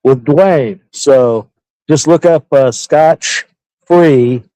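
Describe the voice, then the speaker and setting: Calm co-host, slightly higher male voice, dark tone, dry sound. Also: drawn-out words, no room sound, rough recording. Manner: calm, agreeing, laid-back. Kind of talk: casual stream chat.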